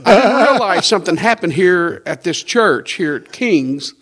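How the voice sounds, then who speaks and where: An older man in his sixties, a pastor, tells his conversion story in a homespun way. His voice sits a little high for a man. He chuckles often and plays out the lines of the people in his story. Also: lively intonation, moderate pace, a bit bright. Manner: storytelling with quoted dialogue and chuckles. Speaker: pastor sharing his testimony. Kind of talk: conversational personal testimony.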